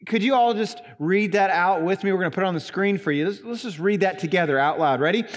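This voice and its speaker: A man with a Southern Indiana accent preaching a sermon in a church, stressing single words with long pauses. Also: high voice, big-room sound. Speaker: pastor. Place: church sanctuary.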